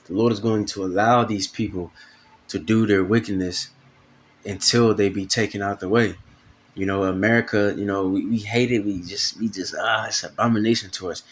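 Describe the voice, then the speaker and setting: A man's voice: fairly low pitch, fairly even intonation, moderate pace, a little hiss or hum. A man giving an informal video sermon, casual and profane, full of fillers, reading scripture aloud between comments. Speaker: preacher.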